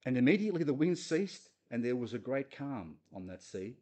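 A man's voice: medium pitch, very animated, fairly quick, hardly any pauses, a little mellow. A man preaching a conversational sermon, earnest and putting questions straight to his listeners. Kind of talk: conversational sermon on a Bible passage.

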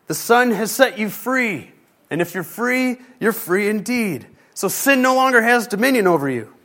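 A man's voice: high-pitched, fairly bright tone. A man preaching a sermon, speaking directly to his church and rising in intensity. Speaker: pastor.

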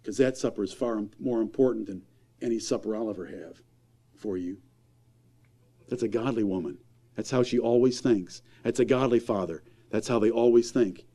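A man preaching a sermon in a church, emphatic, firing rhetorical questions and swinging from loud to hushed. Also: fairly low pitch.

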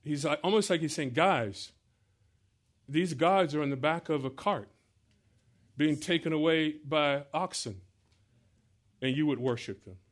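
A man preaching a sermon, reading scripture aloud and explaining it verse by verse, swinging between loud emphatic pleading and soft, low explanation. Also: a little slow, pauses often. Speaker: pastor.

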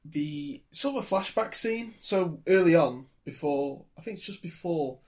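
A man's voice: fairly high pitch, measured pace. A man co-hosting a casual film podcast, telling stories and laughing often. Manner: laughs often, animated storyteller. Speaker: podcast co-host. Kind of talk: casual chat.

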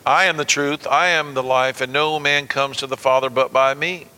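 A man preaching a sermon, animated and calling on the congregation to repeat words back to him. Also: medium pitch, normal speed, smooth. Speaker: pastor. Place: church sanctuary. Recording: long reverb of a large hall.

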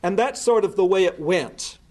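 A man with a noticeably high voice for a male earnestly recounts a case in a spoken talk, speaking at normal speed with a slightly mellow tone. He walks through events in order, frequently restarting words mid-phrase.

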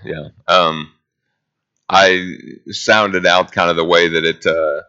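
Low bright-voiced man teaching Bible class. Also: steady tone, takes it slowly, smooth, muffled recording. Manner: conversational, rambling with fillers, reads scripture aloud.

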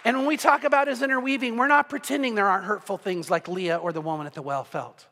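High-voiced man preaching in a reverberant hall. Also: fast. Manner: builds from quiet retelling to loud excited shouting. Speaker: pastor. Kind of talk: sermon storytelling. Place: church sanctuary.

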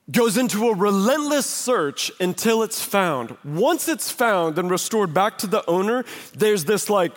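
A man preaching a sermon as pastor, conversational and emphatic, full of rhetorical questions. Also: high voice. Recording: long hall reverb.

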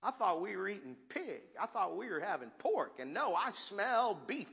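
A man's voice: high-pitched, big pitch swings, moderate pace, vocal fry, fairly bright tone, full character voice. A man preaching, voicing a resentful older brother from a parable who grumbles and complains indignantly. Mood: suspicious grumbling. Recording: long hall reverb.

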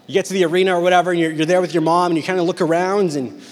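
A man with a fairly high voice delivers an animated, humorous sermon to a youth group, hamming up quoted lines for laughs. His voice rings with a long reverb off the walls of a big hall. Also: very fast. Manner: animated, joking, acts out quotes. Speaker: youth pastor. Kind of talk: storytelling sermon to teens.

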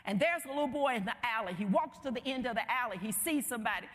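A woman's voice: fairly high pitch, expressive, fast talker, fairly bright tone. A woman preacher delivering a sermon in an emphatic, rhythmic way, heard in a hall with long reverb.

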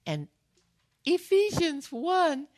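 A woman's voice: high-pitched, sing-song, very slow, darkish tone. An older woman giving a heartfelt devotional talk on scripture, earnest and emotional, repeating phrases for emphasis. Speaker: Bible teacher.

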